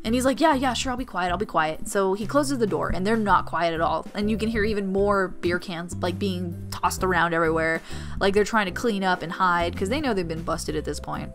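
A woman's voice: fairly low pitch, fairly quick, over music. Chatty young woman telling stories. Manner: chatty, filler-heavy, vivid retelling. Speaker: storytime vlogger, former resident assistant. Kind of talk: casual storytime while drawing.

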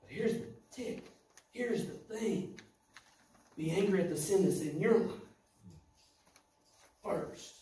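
A male pastor delivers an impassioned sermon, his voice pitched very high for a man. He is recorded from a distance, and the church room adds a lot of echo. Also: takes it slowly, pauses often. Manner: impassioned preaching, rising to shouts. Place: church sanctuary. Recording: echoey church hall, mic at a distance.

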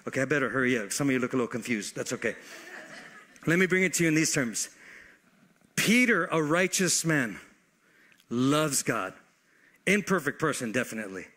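A man preaching a sermon, calling for responses from the congregation and shifting his pace and loudness. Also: fairly high pitch. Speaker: pastor.

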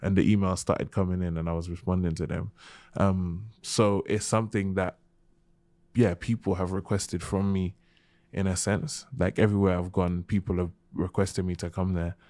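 A man's voice: deep voice, warm tone, no echo. A young man from the United Kingdom, a podcast guest, explaining history with many examples in a conversational way. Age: young adult. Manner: expansive, explaining with examples and asides. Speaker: guest, Islamic history speaker.

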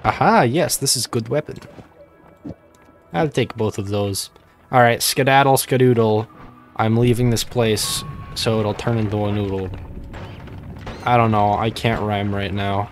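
A man's voice: fairly low pitch, fairly even intonation, unhurried, pauses often, faint music behind. A young man casually commenting on his own gameplay, rambling and joking, with sudden panicky outbursts. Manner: rambling, jokey, panicky bursts. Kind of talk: casual let's-play commentary.

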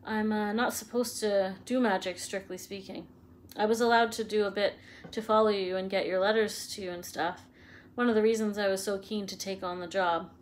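A woman voicing a huge, gruff but kindly male gamekeeper in a storybook reading, with rough country speech. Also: mid-range voice, fairly even intonation, moderate pace, slight background noise, close to an everyday voice. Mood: rueful.

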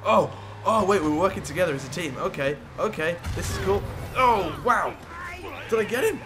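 A young man giving excitable, jokey gameplay commentary as a gaming YouTuber. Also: sits high, normal speed, over music. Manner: excitable, jokey, swears and laughs often.

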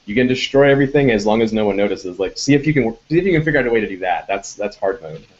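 A game designer in a casual live Q&A, answering audience questions with many ums and restarts. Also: male voice, lowish voice, lively intonation, racing, highs cut off, noisy background.

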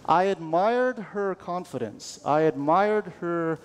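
Animated pastor in a reverberant hall. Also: male voice, sits high, slow, smooth. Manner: animated, conversational preaching with call-and-response. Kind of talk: sermon. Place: church sanctuary.

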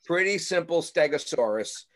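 A man's voice: on the high side, expressive, normal speed. A middle-aged man from Massachusetts giving a live drawing lesson for kids from his small home studio, talking on a webcam in a friendly, instructive way as he draws. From central Massachusetts. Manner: friendly, instructive, thinks aloud while drawing. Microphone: webcam on a video call.

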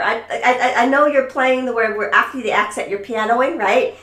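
A woman's voice: on the high side, normal speed, a bit bright, far from the mic. Woman, violin teacher, coaching, roomy echo, faint music behind. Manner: coaching, sings rhythms aloud. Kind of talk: online music lesson.

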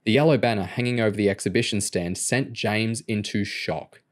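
A man narrating an audiobook in a steady, even storytelling manner. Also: lowish voice, normal speed. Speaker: audiobook reader.

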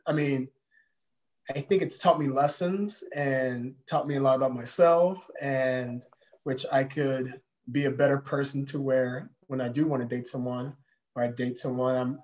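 A man being interviewed on a casual video call, relaxed and rambling, trailing off at times. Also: mid-range voice, echoey room. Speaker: guest.

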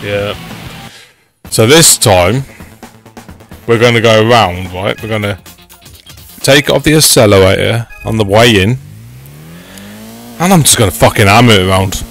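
A man's voice: fairly low pitch, a little slow, pauses often, a bit bright, faint music behind. A young man giving live gameplay commentary as he plays a racing game, swearing often and getting frustrated with his car. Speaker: gaming channel host.

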